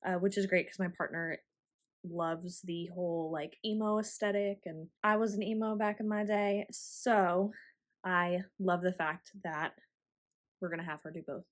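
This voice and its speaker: A woman around thirty chatting casually as a knitting vlogger, rambling with frequent ums and laughing warmly now and then. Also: on the low side, flat delivery, unhurried. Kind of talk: casual chat.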